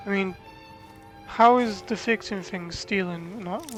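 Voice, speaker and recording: A woman's voice: mid-range voice, slow pace. Woman, casual game commentary, chatty and rambling, game music behind. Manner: chatty, rambling, self-deprecating. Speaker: gameplay commentator.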